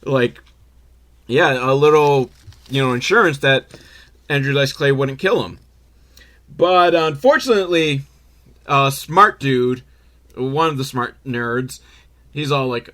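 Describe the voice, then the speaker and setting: A man recapping a movie in a casual comedic way, sarcastic and profane, breaking into quick character voices. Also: mid-range voice, a bit bright.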